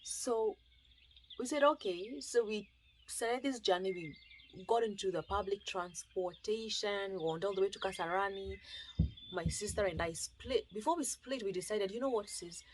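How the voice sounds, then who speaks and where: A woman with a Kenyan accent, telling an animated, emotional personal testimony and acting out the dialogue. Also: medium pitch, moderate pace, a little hiss or hum. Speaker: storyteller.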